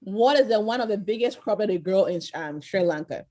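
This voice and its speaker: A woman leads an interactive online lesson over a video call, with a voice of middling pitch. She is encouraging and keeps quizzing the group. She tags her points with quick checks like "right?" and "okay?". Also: lively intonation, background noise. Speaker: virtual tour presenter.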